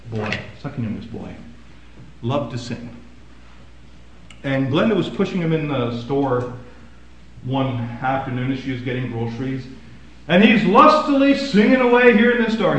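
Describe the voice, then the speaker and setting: A male pastor preaching a sermon, swinging from loud emphasis to hushed, quiet asides. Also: mid-range voice, heavy reverb, lo-fi sound, slight background noise.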